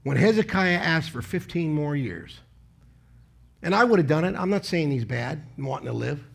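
A man with a notably high voice delivers a sermon that feels like a conversation with the pews. He asks his listeners rhetorical questions and keeps breaking into sudden loud emphasis on key words. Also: lively intonation, moderate pace, gravelly, breathy edge. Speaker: preacher.

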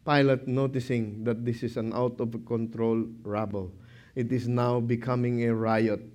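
A man preaching a sermon, slow and emphatic, who keeps asking rhetorical questions. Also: mid-range voice, level tone, a little mellow.

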